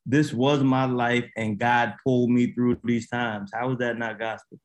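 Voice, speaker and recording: A man's voice: mid-range voice, flat delivery, measured pace. A man co-hosting a podcast in casual chat, challenging others with pointed questions. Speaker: podcast co-host.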